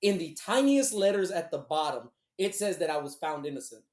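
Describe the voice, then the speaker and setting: A man co-hosting a podcast, telling a personal story in casual, profane, animated chat. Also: on the high side, brisk, reverberant. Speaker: podcast co-host.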